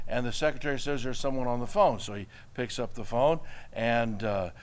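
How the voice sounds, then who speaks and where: A man's voice: medium pitch, fairly quick, clean tone. A man preaching a sermon, telling a story and building to emphatic exhortation. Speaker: pastor.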